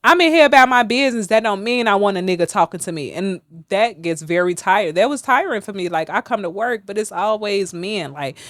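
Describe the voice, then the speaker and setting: A woman's voice: medium pitch, animated, a little fast, hardly any pauses, no room sound. A woman, a podcast guest talking bluntly and profanely in a candid studio interview, getting heated as she goes.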